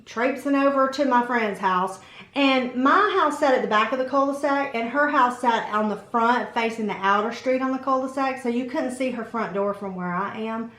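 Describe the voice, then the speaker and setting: A woman vlogger and mom casually telling a personal story in an animated way, acting out what people said. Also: on the high side, normal speed. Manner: animated, acts out quotes in her telling. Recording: roomy echo.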